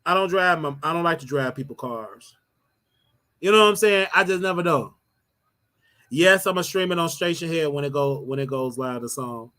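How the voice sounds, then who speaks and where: Bright, higher-voiced man chatting on a livestream. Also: expressive, moderate pace. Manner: playful, rambling, teasing. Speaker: livestream host. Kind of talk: casual livestream chat.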